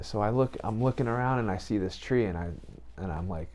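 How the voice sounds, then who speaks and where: Deep-voiced man rambling through a story. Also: fast, darkish tone, slight background noise. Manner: rambling, peppered with "you know" and "right?"; acts out other people's lines when retelling. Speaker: podcast guest. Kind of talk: casual storytelling chat.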